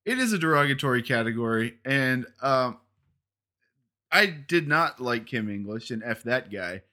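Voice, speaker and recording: A man co-hosting a sports podcast, jokey and animated in casual back-and-forth banter. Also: mid-range voice. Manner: animated, jokey, quick to laugh along. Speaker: podcast co-host.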